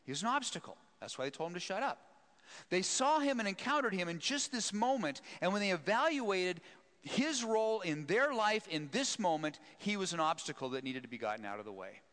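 A man preaching a sermon who retells a Bible story and acts out its people with lively energy. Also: high voice, fairly quick, in a large hall. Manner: animated, acts out voices.

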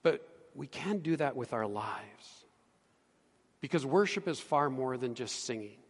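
A middle-aged man, a pastor, preaching a sermon with earnest emphasis that drops to hushed tones. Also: mid-range voice, animated, a little slow, in a large hall. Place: church sanctuary.

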